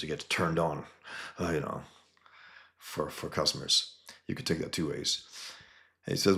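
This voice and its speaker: Low-voiced man rambling about his comic. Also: fairly even intonation, moderate pace, pauses often, fairly bright tone. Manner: rambling, with many restarts and asides. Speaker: cartoonist presenting his own comic book. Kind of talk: casual talk to viewers while showing pages.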